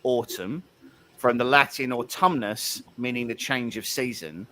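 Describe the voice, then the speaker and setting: A man's voice: medium pitch, measured pace, pushed and bright. A man with a southern English accent, co-hosting a casual online chat and often restarting his sentences. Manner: chatty, trips over his words when starting sentences. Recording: clicks and background noise.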